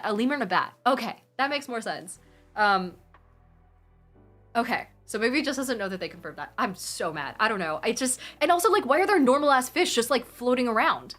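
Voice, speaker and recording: A young woman live streaming from her phone, chatting casually with viewers in a rambling, animated way and swearing freely. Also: on the high side, brisk, faint music behind. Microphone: phone mic.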